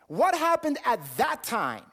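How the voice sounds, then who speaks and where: A man's voice: very high voice, huge pitch swings, measured pace, pushed and bright. An earnest male preacher delivers a sermon, reading scripture aloud in King James wording. He repeats words as he pushes toward a point and asks the congregation questions as he goes.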